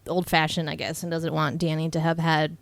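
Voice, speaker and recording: A young woman co-hosting a podcast casually recaps a movie plot, swearing often and using plenty of "like" and "um." Her voice is low, flat and brisk with vocal fry, and the recording is dry.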